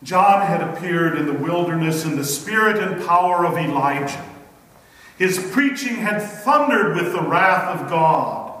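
A man preaching a sermon in a church, with a solemn, deliberate delivery. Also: sits high, fairly bright tone. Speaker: pastor. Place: church sanctuary. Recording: echoey hall, distant mic.

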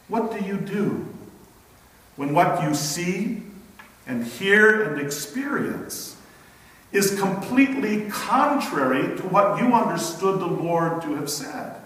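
A man preaching a sermon in a church, with a solemn, deliberate delivery. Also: high-pitched, a bit bright. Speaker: pastor. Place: church sanctuary. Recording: echoey hall, distant mic.

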